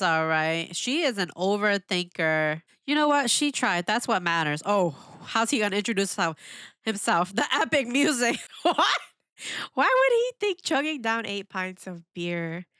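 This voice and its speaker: Mujer animada comentando con voz clara. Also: female voice, mid-range voice, normal speed, clean tone, no room sound, clean studio sound. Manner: animated, exclamatory, laughs often; asks rhetorical questions. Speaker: reaction video host. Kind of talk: casual reaction commentary.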